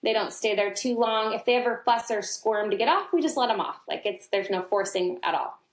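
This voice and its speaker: A middle-aged woman, a potty training expert, talking casually as a guest and explaining her method in a lively, storytelling way. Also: brisk. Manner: animated storyteller, acts out her toddler in a high voice. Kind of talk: casual interview talk. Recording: roomy echo.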